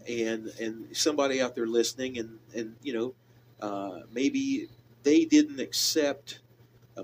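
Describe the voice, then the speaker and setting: A male radio host with a medium-pitched voice and a Southern hill-country accent chats casually on air with a caller, rambling and restarting often. There's slight background noise.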